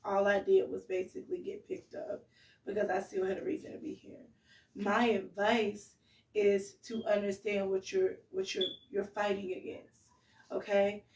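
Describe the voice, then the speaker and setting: A woman's voice: mid-range voice, little pitch movement, normal speed, darkish tone, reverberant, distant mic, poor audio. A woman co-hosting a podcast who gives earnest, pleading advice, emotional and direct. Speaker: podcast co-host.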